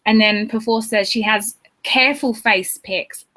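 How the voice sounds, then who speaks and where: Bright, high-voiced woman reading comments. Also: fairly even intonation, measured pace. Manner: reads out comments, dry and playful. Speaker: co-host reading viewer comments. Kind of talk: casual chat.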